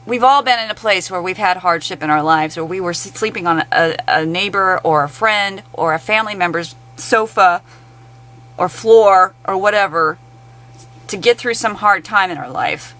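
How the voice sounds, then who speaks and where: A woman's voice: on the low side, moderate pace, fairly bright tone, poor audio. A woman in an angry, blunt, profane rant to camera. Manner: blunt, heavily profane, exasperated.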